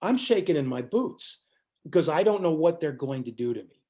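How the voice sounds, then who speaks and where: An older man, a musician, recounts a story as a guest. He voices the quotes of the people in it with animation, and his voice sits slightly high. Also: big pitch swings, moderate pace, dark tone. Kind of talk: storytelling in an interview.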